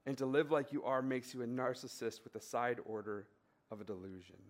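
A man in a mid-pitched voice giving a conversational sermon, telling a personal story with fillers and building emphatic repetitions. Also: a little fast. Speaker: pastor.

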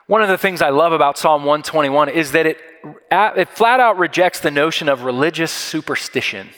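A man preaching a sermon, explaining scripture and telling a story with animated, acted-out quotes. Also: fairly high pitch, moderate pace, big-room sound. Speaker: pastor.

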